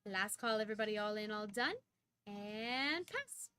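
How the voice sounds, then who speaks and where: A young adult woman hosting a live-stream coin auction, rattling off lots in quick auctioneer patter with sudden bursts of excitement. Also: medium pitch, a little hiss or hum.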